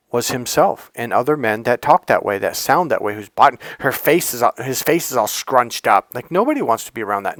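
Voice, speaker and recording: A man's voice: mid-range voice, a bit bright, dry recording. A man coaching other men on dating in a casual monologue, blunt and profane, and he mocks people with put-on voices.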